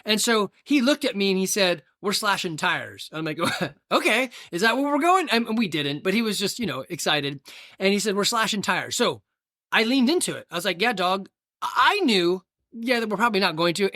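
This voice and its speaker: Lively bright-voiced male podcast host. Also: sits high, a little fast, dry recording, clean studio sound. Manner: storytelling, conversational with fillers and restarts. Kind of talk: casual solo podcast talk.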